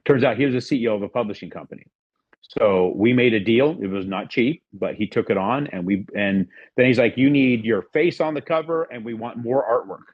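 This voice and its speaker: A middle-aged man talks quickly in a low, husky voice as a podcast guest. He rambles through his story and acts out what each person said. The sound is dry and a little dull. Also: no echo. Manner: rambling, acts out quoted dialogue. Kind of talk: casual storytelling.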